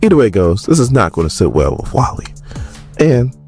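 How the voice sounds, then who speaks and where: A man casually recapping a comic book, quoting the characters in quick little voices as he goes. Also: medium pitch, sing-song, a little mellow, faint music behind.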